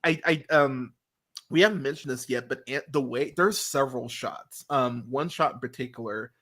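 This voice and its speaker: A man talking on a podcast with a bright, forceful tone. He speaks casually and with animation, swears freely, and his voice leaps upward when something riles him. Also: mid-range voice, moderate pace. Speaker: podcast co-host reviewing a TV series.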